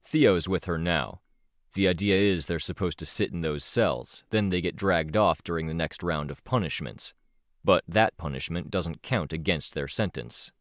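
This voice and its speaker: A man reads a calm young team leader in a low, even, reassuring tone for an audiobook. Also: moderate pace, dry recording, clean studio sound, close to an everyday voice.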